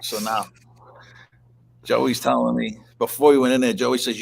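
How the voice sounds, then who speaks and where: A man telling a long, rambling story in casual chat, swearing constantly and clearing his throat often. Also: mid-range voice, steady tone, moderate pace. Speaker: interview guest.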